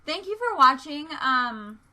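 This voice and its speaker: A woman's voice: high voice, very animated, unhurried, sharp tone. A woman vlogging casually from home, rambling and chatty with lots of hesitant fillers. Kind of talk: casual vlog chat. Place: at home near her desk.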